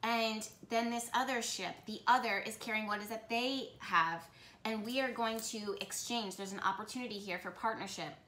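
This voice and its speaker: Woman tarot reader, excited rambling talk, self-correcting, echoey room. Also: on the high side, normal speed. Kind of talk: channeling a tarot reading.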